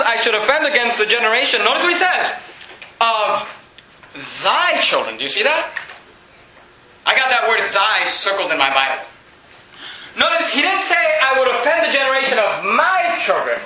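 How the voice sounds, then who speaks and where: A man preaching a sermon as pastor, impassioned and emphatic, often rising to a shout. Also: extremely high pitch. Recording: echoey room.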